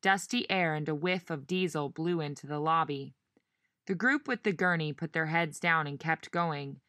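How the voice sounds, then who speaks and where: A woman narrating a novel in measured storytelling style, giving each character a voice. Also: sits low, sharp tone, no room sound, clean studio sound. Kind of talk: audiobook narration.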